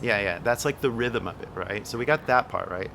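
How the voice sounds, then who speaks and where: A man's voice: fairly low pitch, a little fast, gravelly, bright, forceful tone, a little hiss or hum. A young man coaching an actress on her accent, talking loosely with lots of "like" and "right?" and the odd swear word. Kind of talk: casual one-on-one coaching.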